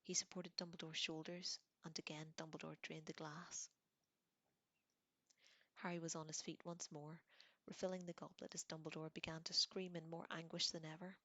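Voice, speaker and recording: A woman whispers her way through a novel in close, soft whispered role-play, sometimes correcting a slip. Her voice sits low, and the sound is dry with no room echo. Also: flat delivery, normal speed. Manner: soft, close whispered reading with small slips. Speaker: audiobook reader.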